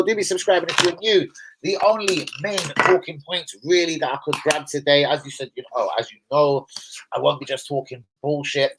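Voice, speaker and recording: A man's voice: on the high side, fairly even intonation, brisk, background noise. Young man, streamer host, loose, sweary, chatty, laughs a lot. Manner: swearing, chatty, laughs often, answers chat. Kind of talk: casual live stream chat.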